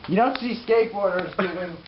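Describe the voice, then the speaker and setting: A man's voice: high voice, moderate pace, lo-fi sound, slight background noise, close to an everyday voice. A man playing a boastful, crude pro scooter rider in a mock interview comedy sketch, rambling and bragging. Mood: swaggering.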